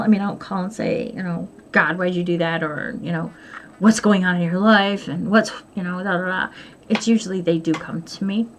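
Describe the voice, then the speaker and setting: A woman's voice: medium pitch, vocal fry, slight background noise. A middle-aged woman chatting candidly to camera in her home sewing room, rambling and poking fun at herself. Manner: candid, rambling, self-deprecating. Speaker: vlogger. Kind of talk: casual chat.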